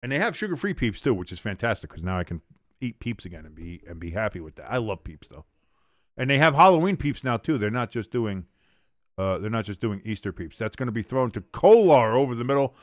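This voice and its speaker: A man's voice: on the low side, very animated, a little fast, a bit bright, no room sound. A man hosting a sports watch-along stream, chatting casually between play-by-play calls, rambling with fillers, restarts and casual swearing.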